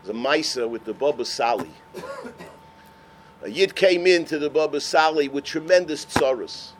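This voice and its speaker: An older man, a rabbi, telling stories in a sermon, swinging from shouts to hushed words. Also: on the high side, normal speed, a little hiss or hum. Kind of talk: sermon storytelling.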